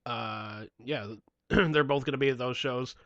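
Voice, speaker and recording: A man co-hosting a casual podcast chat, laughing often, clearing his throat and trailing off as he reads. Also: medium pitch, measured pace, fairly bright tone, dry recording, highs cut off. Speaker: podcast co-host.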